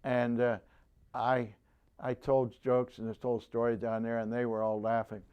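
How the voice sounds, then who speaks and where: A man's voice: mid-range voice, monotone, clear, resonant tone, muffled recording. Veteran in his nineties, interviewee: rambling, stop-start storyteller who acts out the people he quotes. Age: 90s. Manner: halting, rambling delivery with many restarts. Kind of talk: oral history storytelling.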